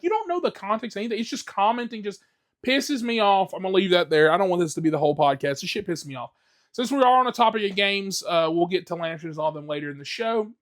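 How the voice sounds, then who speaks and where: Male solo podcaster, blunt and profane, slightly raised pitch, loose chatty delivery. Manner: blunt, profane, animated ranting with many fillers. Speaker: podcast host. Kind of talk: casual solo podcast rant.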